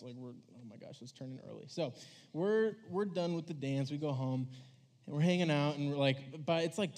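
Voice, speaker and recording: Speaking in a slightly mellow voice on the high side, a young man preaches to youth in a relaxed, story-driven sermon. This youth preacher wanders off track, sprinkles in "like" over and over, and performs the voices he quotes.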